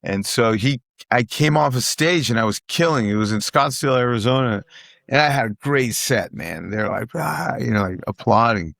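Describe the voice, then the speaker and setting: A man's voice: mid-range voice, expressive, moderate pace, gravelly, a bit bright, no echo, clean studio sound. A middle-aged man, a guest comedian telling stories in casual chat, who repeats phrases for emphasis and acts out what other people said.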